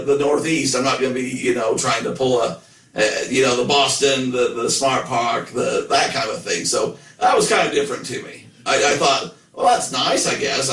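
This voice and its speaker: A man's voice: medium pitch, fairly bright tone, reverberant, far from the mic, low-quality recording. A man hosting a casual podcast, rambling and joking about himself in a loose, self-deprecating way. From United States. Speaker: podcast host. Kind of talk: casual chat.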